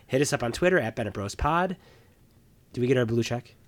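A man's voice: mid-range voice, lively intonation, a little fast. A man co-hosting a podcast in casual chat, easygoing, reading plugs and dropping dry jokes. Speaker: podcast co-host.

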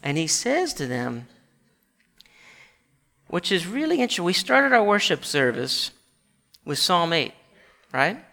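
Animated male preacher in echoey church. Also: sits high, measured pace, gravelly, pauses often. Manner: animated, rising to shouts when quoting. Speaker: pastor. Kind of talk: sermon.

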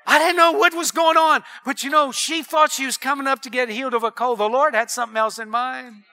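A middle-aged male pastor preaching a sermon, telling stories with rising energy and shouted emphasis. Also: extremely high pitch, fairly even intonation, brisk, hardly any pauses.

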